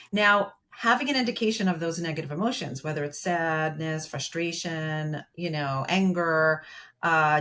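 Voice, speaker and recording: Woman therapist, podcast guest, lowish voice, chatty, filler-heavy explainer. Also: fairly bright tone. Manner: explains at length with many fillers, retells client dialogue. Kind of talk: conversational podcast interview.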